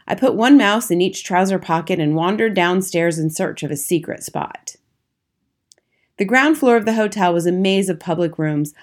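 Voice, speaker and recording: Woman narrating a storybook. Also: medium pitch. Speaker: audiobook narrator.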